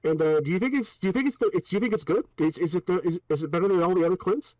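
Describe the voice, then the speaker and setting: A man's voice: high-pitched, very fast, a little mellow, dry recording, close to an everyday voice, rough recording. A man voicing an eager young male soldier, proud of his gun, who stammers.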